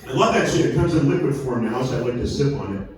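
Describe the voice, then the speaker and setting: A man's voice: mid-range voice, lively intonation, fast talker. A man doing a stand-up comedy set, crude and joking, laughing along with the crowd. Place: comedy club stage. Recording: echoey room recorded from a distance, noisy.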